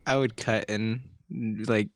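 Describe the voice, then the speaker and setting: A man's voice: lowish voice, steady tone, slow pace, no echo, studio quality. A man playing a tabletop game, speaking in a playful way. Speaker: player. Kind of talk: tabletop role-play.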